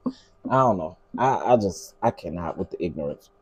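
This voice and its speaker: A man's voice: deep voice, animated, moderate pace, breathy edge. A middle-aged man hosting a casual live commentary stream, exasperated and ranting as he answers his chat. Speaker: livestream commentary host.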